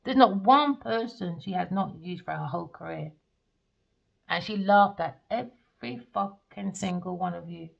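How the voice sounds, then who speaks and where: A woman's voice: fairly low pitch, moderate pace, gravelly. A woman giving a profane, scornful rant as a tarot reader. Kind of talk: ranting monologue. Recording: dull lo-fi recording.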